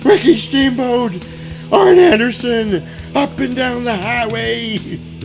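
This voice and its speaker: A man putting on the voice of a flamboyant, boastful male pro wrestler who whoops and yells. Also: very high-pitched, takes it slowly, creaky, over music, voice pushed up, heavily acted. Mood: boastful whooping.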